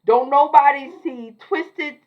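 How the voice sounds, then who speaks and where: A woman's voice: sits high, slow. Woman, sassy slangy TV recap, chatty, muffled lo-fi sound. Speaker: show recapper. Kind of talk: casual TV recap.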